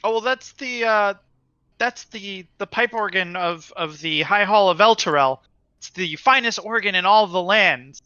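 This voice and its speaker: A man's voice: high-pitched, unhurried, sharp tone, clean tone, no room sound, highs cut off, pitched above the performer's own voice. A man doing a stammering, terrified young guard. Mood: rambling. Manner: stammering, panicky, pleading. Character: frightened young male human guard, nervous and rambling.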